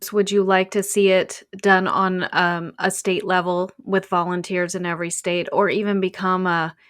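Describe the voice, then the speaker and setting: Woman podcast host, smooth clear voice, flat delivery, dry close sound. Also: on the low side, normal speed, no echo. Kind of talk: interviewing.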